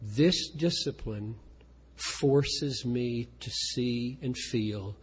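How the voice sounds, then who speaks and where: Pastor guy talking about his poems, kinda husky, earnest, lots of restarts, big echoey church hall. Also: mid-range voice, very slow. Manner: earnest, self-deprecating, with frequent restarts. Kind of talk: informal talk about writing poetry. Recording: long reverb of a large hall.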